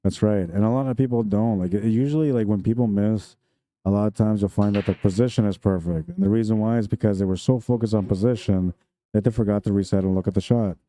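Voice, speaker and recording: A man's voice: lowish voice, fairly even intonation, fast talker, warm tone. A man commentating a pool tournament live stream, chatty and jokey, laughing often between remarks.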